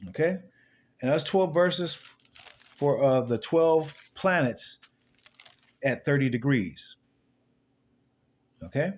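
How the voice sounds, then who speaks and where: A man preaching in a loose, rambling way over scripture, full of swearing, who drops to low mutters and then jumps into sudden high bursts. His voice sits at an ordinary pitch for a man, and the recording sounds dull and lo-fi. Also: a little mellow. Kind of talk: loose spoken scripture commentary.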